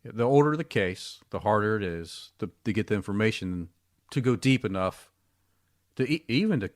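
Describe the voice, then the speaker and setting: A man with a fairly low voice co-hosting a podcast in casual conversation. He is agreeable and chimes in often, and his voice is recorded close and dry. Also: lively intonation, normal speed, dry recording. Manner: agreeable, chimes in with short replies. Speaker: podcast co-host.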